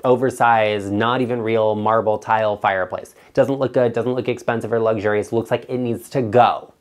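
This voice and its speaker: A man's voice: lowish voice, steady tone, moderate pace. A man vlogging about home design, speaking bluntly and emphatically straight to the viewer. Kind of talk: opinionated talk to camera.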